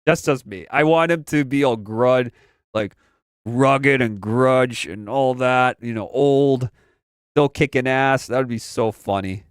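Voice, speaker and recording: A man's voice: medium pitch, a little slow, smooth, no room sound, clean studio sound. A young man hosting a live stream, chatting casually about games and movies, rambling and repeating himself in slangy talk. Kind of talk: casual pop-culture commentary.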